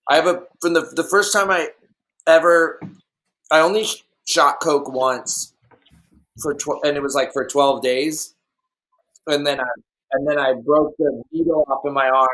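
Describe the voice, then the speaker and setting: A man's voice: on the high side, unhurried, pauses often, fairly bright tone. Rambling, laughing man telling stories. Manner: rambling storyteller who laughs at his own tales. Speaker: podcast guest. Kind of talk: casual chat.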